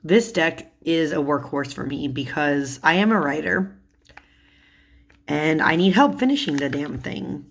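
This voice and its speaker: A woman speaks in a deep voice at a measured pace while discussing tarot in a relaxed vlog. Giggly by nature, she keeps laughing mid-sentence and drops casual swear words.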